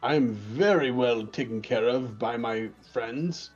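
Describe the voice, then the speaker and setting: A man's voice: mid-range voice, measured pace, breathy edge, muffled recording, soft background music. A man playing a haughty squirrel noble. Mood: indignant. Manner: haughty, indignant, formal. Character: pompous small squirrel nobleman, prideful.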